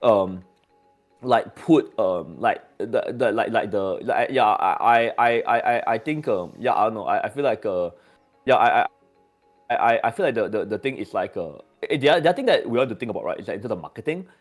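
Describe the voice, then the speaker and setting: A man's voice: fairly low pitch, lively intonation, a little fast. Guy on a voice chat, stutters and restarts a lot, lots of "like" and "you know", a bit of music faint behind. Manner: stammering, many repeated words and fillers. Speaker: community member. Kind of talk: casual voice-chat discussion.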